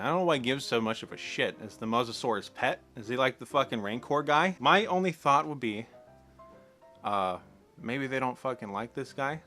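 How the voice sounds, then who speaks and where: A man's voice: medium pitch, sharp tone. A man ranting through a sarcastic, profane film commentary, exasperated and incredulous. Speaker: movie commentator.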